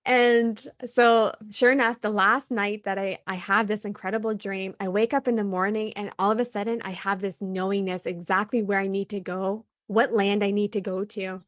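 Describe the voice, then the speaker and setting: A woman's voice: mid-range voice, moderate pace, hardly any pauses, no room sound, clean studio sound. A woman, a guest in an interview, telling her personal story with animation and acting out what she and others said. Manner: animated, often acts out her own past dialogue; laughs between phrases.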